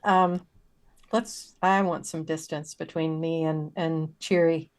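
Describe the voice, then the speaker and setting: A woman playing a confused character in a horror tabletop game, speaking hesitantly with many pauses and ums. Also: low-pitched, steady tone. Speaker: player.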